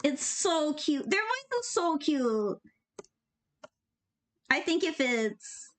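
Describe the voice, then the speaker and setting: A woman's voice: high voice, sing-song, takes it slowly, fairly bright tone. A young woman animating on a live stream, chatting casually in a bubbly, giggly, slangy way and reading chat aloud. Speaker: animator streaming while drawing.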